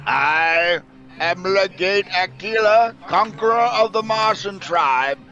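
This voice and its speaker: A man's voice: high-pitched, slow pace, pushed and bright, highs cut off, soft background music, heavily acted. A man voicing an arrogant Roman military commander who proclaims his conquests. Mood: pompous. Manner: pompous, proclaiming.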